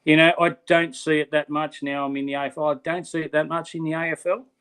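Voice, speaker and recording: A man's voice: on the high side, flat delivery, fast talker, fairly bright tone, smooth. A middle-aged Australian man co-hosting a podcast, talking bluntly and with passion, often saying "mate". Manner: blunt, impassioned, many "mate"s. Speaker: podcast co-host. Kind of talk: casual podcast chat.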